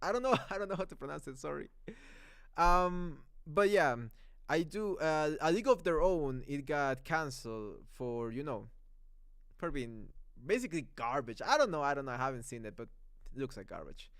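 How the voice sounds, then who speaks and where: A young man from Mexico chats through a live-stream review in English with his Mexican accent. His voice is smooth and clear, pitched slightly high, and heard dry and close. He rambles, doubles back on words and laughs often. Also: lively intonation, normal speed, a bit bright, no echo. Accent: Mexican Spanish. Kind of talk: casual live-stream chat.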